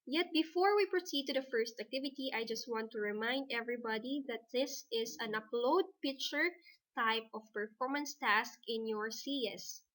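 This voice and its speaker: A woman teacher with a Filipino English accent, dictating a recorded lesson slowly and deliberately. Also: on the high side, a bit bright.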